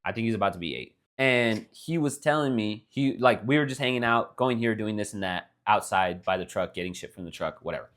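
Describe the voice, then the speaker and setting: Young male podcast co-host from Texas, lowish voice, rambling storyteller who swears a lot. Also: lively intonation, a little fast, hardly any pauses, a bit bright. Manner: laid-back storytelling, heavy filler words and swearing. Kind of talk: casual chat.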